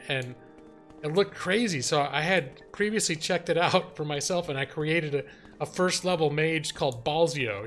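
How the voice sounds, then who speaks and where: A young man hosting a live game stream, chatting casually, laughing and reading his chat aloud. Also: a little high. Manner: animated, laughing, reads chat and jokes aloud.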